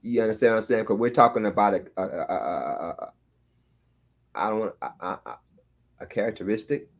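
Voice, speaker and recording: Brief: low-ish male voice, halting, searching for words. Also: gravelly. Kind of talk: casual chat.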